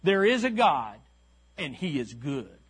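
Male pastor, unhurried delivery, repeats key lines for the congregation. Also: fairly high pitch, sing-song, slightly rough. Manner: calls to the congregation. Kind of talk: sermon.

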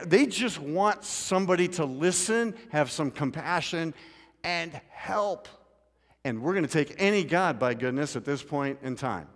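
A man preaching in a church, his voice sitting a little high for a man. He tells his story with big swings, from loud, urgent pleading down to quiet asides. The sound carries a long hall reverb. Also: moderate pace. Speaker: pastor. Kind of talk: sermon. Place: church sanctuary.

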